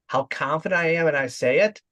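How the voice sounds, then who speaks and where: Male sales coach, pitch a bit high, direct and confident delivery, acts out examples. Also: fairly quick, fairly bright tone. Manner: direct, demonstrates voice tones in quoted examples. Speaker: sales trainer. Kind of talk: training talk.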